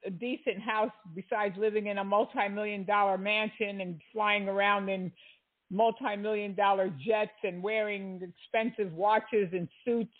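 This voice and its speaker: A man's voice: high voice, little pitch movement, moderate pace. Exasperated male commentator, tinny sound. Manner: exasperated and sarcastic. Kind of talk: critical commentary.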